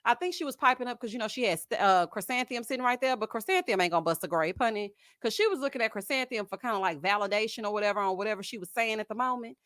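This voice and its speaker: A woman's voice: a little high, very fast, few pauses, no room sound. Gossipy woman streamer, dry mic. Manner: gossipy, animated, laughs often, uses Southern US slang. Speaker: host of a live chat stream. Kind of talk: casual chat reading viewer comments.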